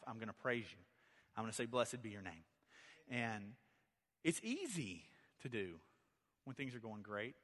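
In a church sanctuary with long hall reverb, a middle-aged pastor preaches a sermon in a mid-range, fairly bright voice. He talks conversationally and tells stories before rising to emphatic peaks.

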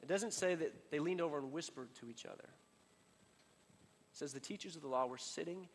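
A man preaching a sermon in a casual, conversational way, full of fillers and restarts, building up and then dropping to a quiet emphasis. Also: fairly high pitch, moderate pace, big-room sound, slight background noise. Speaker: pastor.

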